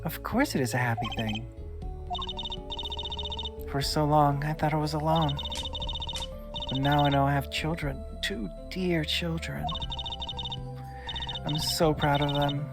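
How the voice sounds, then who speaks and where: Streamer doing a soft-spoken mom singer figure, calm and earnest, game music going behind. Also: mid-range voice, a little slow, long pauses, close to an everyday voice. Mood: tender. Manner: calm, earnest reading in a plain voice.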